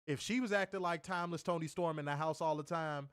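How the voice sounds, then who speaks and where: A man co-hosting a casual streamed chat, telling stories in an animated, profane way with loud bursts. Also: on the high side, quick pace, clean tone, no room sound, studio quality. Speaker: co-host of a wrestling review show.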